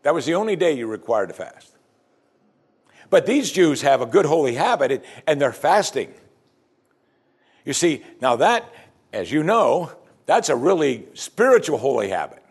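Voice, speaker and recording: A man preaching with a husky, slightly breathy voice pitched a bit above the usual. He drives his points home emphatically, pushing his listeners with urgent questions. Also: sing-song, moderate pace, long pauses. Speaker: pastor. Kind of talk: sermon.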